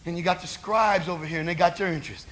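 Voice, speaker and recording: Male preacher with a high voice, conversational sermon delivery, peppers the congregation with rhetorical questions. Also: quick pace, a bit bright.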